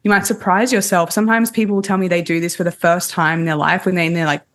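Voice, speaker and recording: Calm, lowish-voiced woman coaching gently. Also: fast talker. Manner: calm, explanatory, walks through techniques step by step. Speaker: dating coach, guest. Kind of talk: casual podcast interview.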